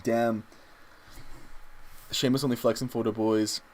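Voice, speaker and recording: A young man, chatting casually and haltingly with viewers while drawing on a livestream. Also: mid-range voice, flat delivery, a little mellow, a little hiss or hum. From Canada. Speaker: streamer drawing live.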